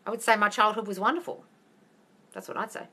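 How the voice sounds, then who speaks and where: A woman's voice: medium pitch, fast, bright, forceful tone, breathy edge. An Australian woman hosting a casual live Q&A as a manifesting coach, blunt and sweary, calling everyone darling.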